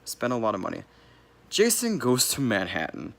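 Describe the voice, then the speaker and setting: A man's voice: medium pitch, huge pitch swings, normal speed, gravelly, a bit bright. A man giving a casual, rambling movie review, correcting himself as he goes and laughing here and there. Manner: laughs now and then while talking.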